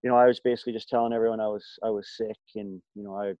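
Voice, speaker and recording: A man's voice: fairly low pitch, flat delivery, very fast, dry recording, muffled recording. Rambling middle-aged man telling stories. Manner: rambling, many fillers and restarts. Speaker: podcast guest, former hockey player. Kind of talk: casual storytelling.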